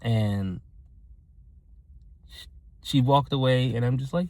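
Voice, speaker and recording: A man's voice: medium pitch, takes it slowly. Earnest man giving a motivational talk. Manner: rambling, earnest, addresses "ladies and gentlemen"; acts out quoted voices in his stories. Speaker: motivational vlogger.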